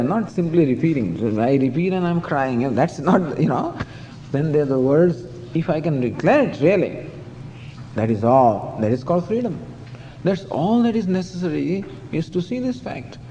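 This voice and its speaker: A man with a high-pitched, darkish voice gives a scriptural discourse as a spiritual teacher, telling stories with chuckles and often saying "you know." The recording is dull and lo-fi, made in a hall.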